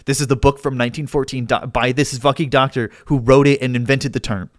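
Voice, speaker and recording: A man's voice: mid-range voice, steady tone, a little fast, few pauses, dry recording, studio quality. A male livestreamer arguing with his chat, heated and exasperated, swearing as he reads out and answers comments. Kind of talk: live stream chat argument.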